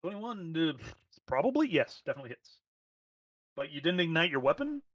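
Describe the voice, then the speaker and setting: A man's voice: on the high side, sing-song, brisk, a bit bright, no room sound, dull audio. A man running a tabletop game as game master, making plain rules calls with a few fillers.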